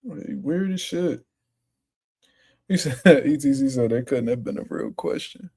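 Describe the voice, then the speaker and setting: A man's voice: mid-range voice, expressive, measured pace, creaky, a little mellow, breathy edge. A young man hosting a casual livestream, reading viewer comments and answering them in a profane, laid-back way that turns heated. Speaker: livestream host.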